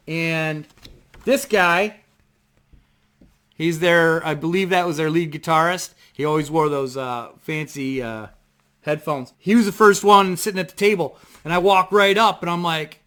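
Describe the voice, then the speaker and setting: Excitable, bright-voiced man telling a story. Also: high-pitched, normal speed. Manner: rambling, excitable, lots of fillers and swearing. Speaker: vlogger. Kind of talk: casual storytelling to camera. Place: home desk in front of a computer.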